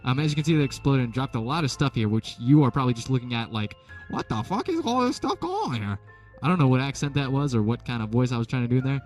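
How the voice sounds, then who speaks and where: A man's voice: medium pitch, steady tone, racing, hardly any pauses, darkish tone. A young man giving casual, rambling gameplay commentary with jokes at his own expense. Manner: rambling, jokey, self-deprecating. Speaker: let's play commentator. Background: game music.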